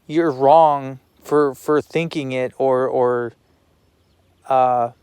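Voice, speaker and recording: Man, personal vlog monologue, slow and rambling, slightly high, dry close sound. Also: steady tone, a little mellow, clean tone, no echo. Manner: rambling, repeats himself, swears.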